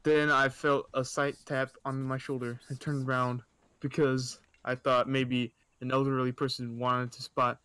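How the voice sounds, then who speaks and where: A man's voice: mid-range voice, flat delivery, a little slow, pushed and bright, smooth, no room sound. A young man casually reading stories aloud, stumbling over words and often breaking into laughter and mocking asides.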